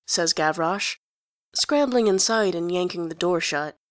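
A woman narrating a story aloud in an even storytelling delivery. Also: lowish voice, measured pace, dry recording, clean studio sound. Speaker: reader.

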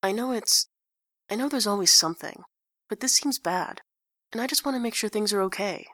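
A woman's voice: mid-range voice, lively intonation, a little fast, pushed and bright, no echo, studio quality. A woman voicing an anxious, self-deprecating young man who speaks hesitantly. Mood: earnest. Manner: hesitant, earnest.

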